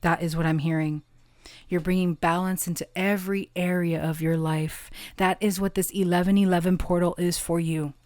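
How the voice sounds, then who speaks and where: Earnest low-voiced woman giving a tarot reading. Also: flat delivery, dry recording, clean studio sound. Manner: slow, earnest and affirming, drawing out key words; gets emotional and laughs softly at times. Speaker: tarot card reader. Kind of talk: intimate pick-a-card tarot reading.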